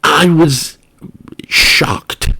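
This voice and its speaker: Young guy rambling thru a storytime, gravelly voice, hypes everything up. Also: on the high side, drawn-out words. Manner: rambling, animated, with side remarks; exaggerates for comic effect. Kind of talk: casual storytime.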